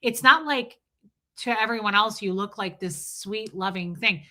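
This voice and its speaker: A woman in her forties hosting a casual livestream, chatting bluntly with frequent swearing and animated storytelling. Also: mid-range voice, unhurried. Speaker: livestream host.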